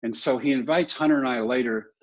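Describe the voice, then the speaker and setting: A man in his fifties, a podcast guest and motivational speaker, telling lively, self-deprecating stories. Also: mid-range voice, fast. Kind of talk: storytelling in a podcast interview. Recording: dull, muffled audio.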